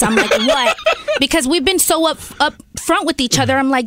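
A woman's voice: high voice, lively intonation, moderate pace, a bit bright, dry recording. A woman chatting on a podcast, telling candid stories with lots of laughter and swearing. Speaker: guest, partner and manager. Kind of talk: casual podcast chat.

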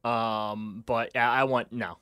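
Bright-voiced sarcastic male sports host. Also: fairly low pitch, steady tone, takes it slowly, clear, resonant tone. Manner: sarcastic, ranting, dry jabs. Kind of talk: casual sports talk banter.

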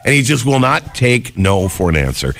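A man's voice: mid-range voice, sing-song, normal speed, creaky, fairly bright tone. Jokey male morning radio co-host. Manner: jokey, chatty, reads station IDs and weather. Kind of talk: casual radio banter. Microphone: studio microphone.

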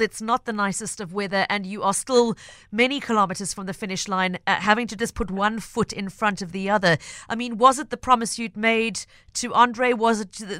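Higher-voiced woman radio host, dry sound. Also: pushed and bright, no room sound. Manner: clear, articulate questioning. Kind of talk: radio interview.

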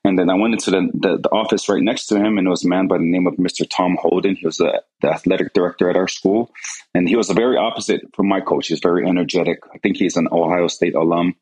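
A man's voice: deep voice, steady tone, fast talker, darkish tone, breathy edge, low-quality recording. A man earnestly recounting a personal story in an interview, often repeating words as he goes. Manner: earnest, repeats words, acts out quoted voices.

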